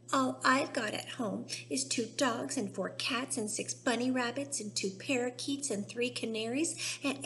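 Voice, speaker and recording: A woman voicing a spoiled, demanding rich girl who whines and shouts her demands in a storybook reading. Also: medium pitch, lightly acted.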